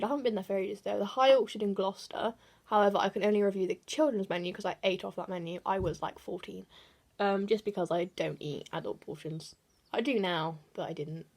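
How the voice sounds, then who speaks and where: A teenage English girl vlogging from her bedroom, answering tag questions in a chatty, giggly way, often correcting herself and trailing off quietly. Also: medium pitch. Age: teens.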